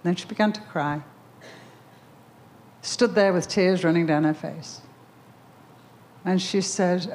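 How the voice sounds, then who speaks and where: A woman's voice: fairly low pitch, takes it slowly, long pauses, darkish tone. A woman preaching a sermon, telling a story with emphatic repetition before leading a prayer. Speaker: speaker at a Bible conference.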